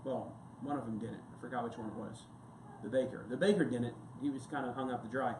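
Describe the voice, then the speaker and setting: A man's voice: medium pitch, steady tone, fast, darkish tone, slight background noise. A male pastor giving a casual, rambling sermon full of anecdotes and asides. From United States. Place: church sanctuary. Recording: echoey church room with faint ambience.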